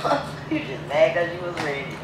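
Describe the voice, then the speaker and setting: A woman's voice: deep voice, sing-song, moderate pace. A woman bantering and teasing a friend in profane, casual chat. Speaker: vlogger in the clip. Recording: very echoey, noisy room.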